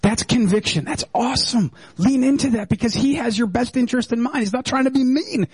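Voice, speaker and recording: High-voiced, animated male pastor preaching. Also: fairly quick, husky, dry recording, poor audio. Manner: animated and joking, with wide swings in pitch. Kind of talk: sermon.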